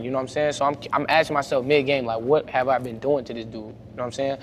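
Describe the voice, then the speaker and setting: A young man speaks in a casual, unscripted way with a drawl. His voice sits at an everyday middle pitch and turns animated and loud whenever he acts out an argument. A faint background noise runs under the recording. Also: fast talker, few pauses. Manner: animated, gets louder retelling arguments. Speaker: high school basketball player. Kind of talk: casual storytelling to camera.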